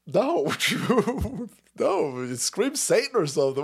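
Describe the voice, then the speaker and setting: A man hosting a livestream, ranting crudely about politics and reacting to chat, cursing freely, laughing often and breaking into sudden shouts. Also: high-pitched, big pitch swings, slow, creaky, breathy edge. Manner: foul-mouthed, rowdy, laughs and shouts often. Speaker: livestream host.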